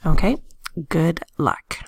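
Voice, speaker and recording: Playful woman teacher, gravelly low voice. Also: expressive, takes it slowly, dry recording, clean studio sound. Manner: playful, sings little tunes and jokes. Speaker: math teacher. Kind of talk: recorded classroom lesson.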